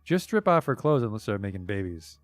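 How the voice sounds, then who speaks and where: A man doing a loud crude voice from a belly. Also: on the low side, big pitch swings, fairly quick, dry recording. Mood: crude taunting. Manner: loud, vulgar and taunting. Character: crude male voice shouting from a woman's belly.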